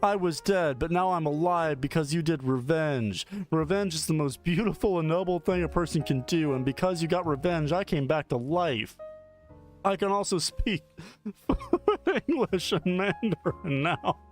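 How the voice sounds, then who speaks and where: A man's voice: a little high, animated, moderate pace, soft background music, close to an everyday voice. A man voicing a pet bird back from the dead, who speaks in a proud, declaiming way.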